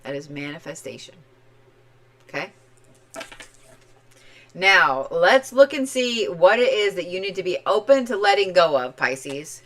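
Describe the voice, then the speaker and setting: A woman from Oklahoma with a slight Oklahoma accent, giving a chatty, playful zodiac reading on a live stream, swinging between loud and soft. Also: medium pitch, animated, moderate pace, hardly any pauses. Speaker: tarot and zodiac reader. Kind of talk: casual livestream reading.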